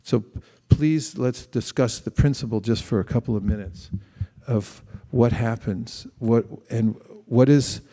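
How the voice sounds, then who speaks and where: A man with a mellow, mid-range voice leads a scripture study class. He reads a passage aloud, then poses thoughtful questions, often pausing to rephrase them.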